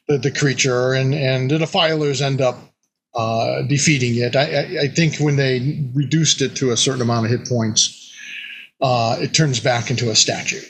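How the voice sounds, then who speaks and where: A man telling an old tabletop game story in a casual, animated way, jumping into quick bits of the players' and the monster's voices. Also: medium pitch, a little hiss or hum.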